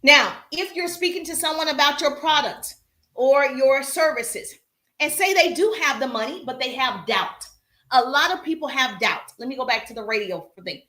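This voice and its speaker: Lively Southern woman sales coach. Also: high voice, normal speed, roomy sound. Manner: animated, chatty, addresses audience directly. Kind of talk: live-stream coaching talk.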